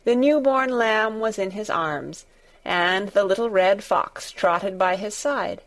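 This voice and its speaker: A woman narrating a storybook in a measured, gentle storytelling manner. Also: medium pitch.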